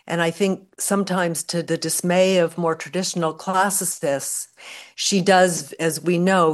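An older woman professor, a guest on a radio interview, answering in a thoughtful, articulate academic manner. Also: low voice.

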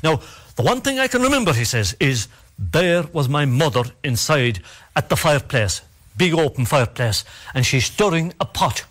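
A man with an Irish accent telling an oral folk tale in a measured, dramatic way, with repetitions and pauses. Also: fairly high pitch, very animated, a bit bright. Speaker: storyteller.

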